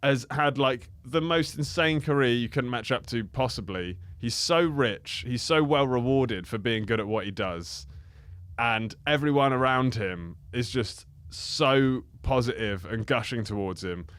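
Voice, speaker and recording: A man's voice: mid-range voice, a little slow, fairly bright tone, smooth, no room sound. A man chatting as a podcast guest, rambling and laughing at his own tangents. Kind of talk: casual chat.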